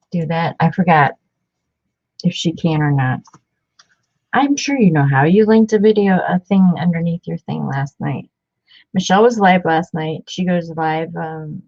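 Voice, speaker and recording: A woman hosting a casual craft livestream, chatting warmly and rambling, repeating herself as she works. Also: low voice, dull audio.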